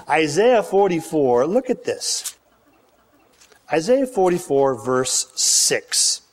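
A man preaching in a high, bright voice that swings widely as he leads the congregation through scripture. He reads the verses with rising emphasis and prompts the listeners to say the words back with him. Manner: emphatic, calls for congregation responses. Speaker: pastor. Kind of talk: sermon.

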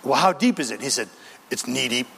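A man's voice: medium pitch, lively intonation, brisk, creaky, fairly bright tone, long reverb tail, a little hiss or hum. A male pastor preaching a sermon, reading scripture aloud with dramatic, playful asides.

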